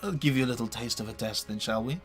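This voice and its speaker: A man voicing a smug, suave male vampire lord in a tabletop game, speaking slowly and silkily. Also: mid-range voice, soft background music, natural voice. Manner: silky, smirking.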